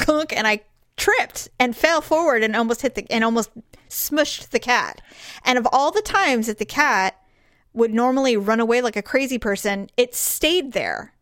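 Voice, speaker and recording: A middle-aged woman co-hosting a podcast, telling funny stories with lots of laughter and squeaky acted-out quotes. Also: fairly bright tone, no echo, clean studio sound. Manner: laughs often, acts out quotes in high chirpy voices. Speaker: podcast co-host. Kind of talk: casual chat.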